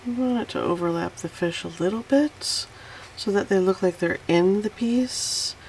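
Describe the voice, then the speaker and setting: A woman's voice: medium pitch, normal speed, darkish tone, slight background noise, low-quality recording. A woman hosting a casual watercolor tutorial, chatty and self-deprecating as she narrates each painting step.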